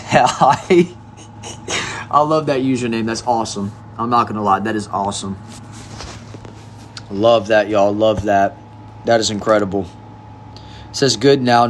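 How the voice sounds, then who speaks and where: A man's voice: mid-range voice, slight background noise. Laid-back young man reading stream chat. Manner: easygoing, reads chat messages aloud and answers them. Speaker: livestream host reading chat. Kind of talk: casual livestream chat.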